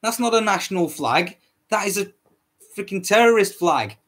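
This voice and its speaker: A man with a high, expressive, slightly bright voice hosts a solo podcast at normal speed. He rants heatedly and repetitively, swearing often and tripping over his words.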